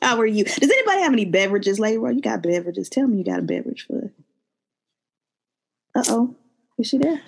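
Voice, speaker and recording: A woman hosting a casual chat show over a call, laughing often and speaking in relaxed slang. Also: on the high side, quick pace, gravelly, pauses often, breathy edge. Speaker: podcast host.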